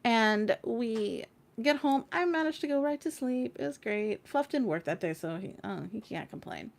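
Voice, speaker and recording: A woman hosting a tarot livestream, telling a personal story in a chatty, animated way, full of fillers and casual swearing. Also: on the high side, normal speed, gravelly. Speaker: tarot reader and stream host.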